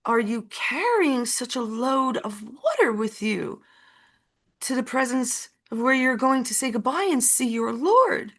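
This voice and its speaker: A woman voicing a grieving mother who gently questions her dead little daughter in a told story. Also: a little high, very animated, measured pace, pitched above the performer's own voice, exaggerated voice. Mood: tender.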